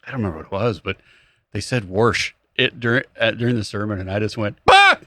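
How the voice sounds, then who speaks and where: A man co-hosting a casual comedy podcast, joking and acting out quick voices in his bits. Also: lowish voice, fairly even intonation, a bit bright, no echo. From Midwestern US. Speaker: podcast co-host.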